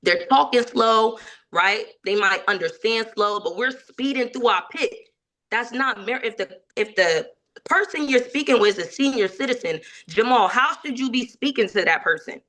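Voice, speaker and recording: Brief: female sales trainer, slightly high voice, energetic, keeps asking "right?". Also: moderate pace. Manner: energetic, frequent tag questions. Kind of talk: team training session.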